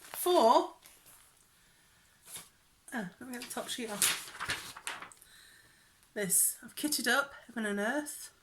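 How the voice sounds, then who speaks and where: A woman's voice: a little high, noisy background. A young woman chatting casually in a craft vlog, giggly and rambling, sometimes dropping into a whisper. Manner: chatty, giggly, drops into whispers when excited. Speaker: cross-stitch vlogger.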